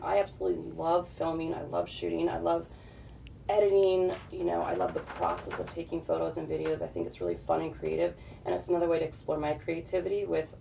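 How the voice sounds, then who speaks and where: A woman in her forties, a fitness model guest, chatting casually in an interview in long, relaxed run-on thoughts. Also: lowish voice, fairly quick, creaky, far from the mic, a little hiss or hum.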